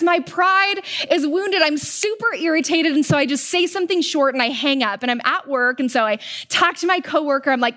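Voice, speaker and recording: A young woman with a high voice delivers a sermon. Her preaching is relaxed and chatty, full of personal stories and slang. She keeps her delivery lively and conversational. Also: fairly quick, hardly any pauses. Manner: casual, animated storytelling with slang.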